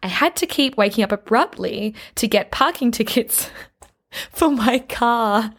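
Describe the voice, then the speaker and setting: A woman talks straight to her camera in a bubbly, gushing way, tossing in playful asides. Her voice sits a little high. She sounds relaxed and chatty, sitting indoors in a craft room. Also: unhurried. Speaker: vlogger and podcast host. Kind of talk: casual chat to camera.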